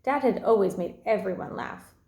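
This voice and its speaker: A woman's voice: mid-range voice, normal speed, a little mellow. Woman reading aloud in an echoey room. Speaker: teacher reading a novel aloud. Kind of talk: read-aloud with class questions.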